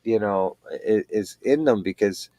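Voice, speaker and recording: A man's voice: on the low side, unhurried, dry recording. A man chatting casually on a livestream, telling rambling stories with bursts of animation. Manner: rambling, animated storytelling with laughs. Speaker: livestream chat participant. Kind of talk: casual chat.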